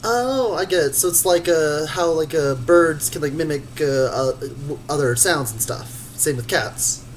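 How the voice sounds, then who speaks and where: Tabletop player on voice chat, mid pitch, halting with lots of uhs, faint hiss. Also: rough recording. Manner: halting, many restarts and "uh"s. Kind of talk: casual tabletop role-play.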